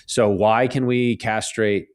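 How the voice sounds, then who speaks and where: A fairly low-pitched man speaks as a guest author in a conversational interview. He argues earnestly and with animation, and he often stumbles and restarts his sentences. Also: steady tone, takes it slowly.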